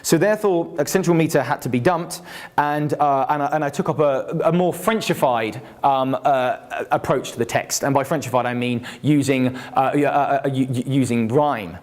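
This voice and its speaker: A man giving an academic talk, halting and hesitant, with frequent restarts and fillers. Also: medium pitch. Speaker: university lecturer.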